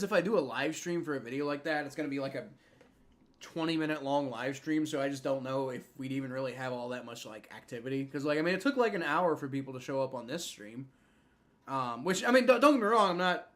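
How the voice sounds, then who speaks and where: A young man hosting a live fan stream, giving rambling play-by-play and reaction with many fillers and restarts, getting excited on big plays. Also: mid-range voice. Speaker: livestream host.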